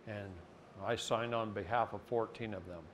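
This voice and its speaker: A middle-aged man from Oregon giving a live seminar talk, telling stories in a folksy, animated way. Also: on the low side, moderate pace, slight background noise. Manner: folksy, animated, mocking voices in anecdotes. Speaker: seminar speaker. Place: seminar room.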